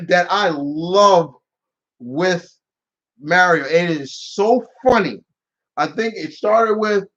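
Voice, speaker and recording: Animated ranting streamer, dull lo-fi sound. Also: medium pitch. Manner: animated, rambling, acts out voices in quotes. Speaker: streamer hosting a live Q&A. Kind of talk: casual ranting chat. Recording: dull lo-fi audio.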